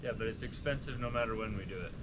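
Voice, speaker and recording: A man's voice: lowish voice, rapid-fire, fairly bright tone, slight background noise. A man chatting casually for a vlog outdoors on a building site, with dry, understated humor. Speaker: vlogger.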